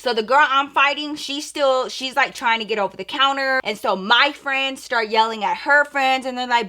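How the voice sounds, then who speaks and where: High bright animated young woman storyteller. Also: normal speed, hardly any pauses, a little hiss or hum. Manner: animated, profane, acts out quoted dialogue. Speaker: vlogger. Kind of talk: storytime while getting ready.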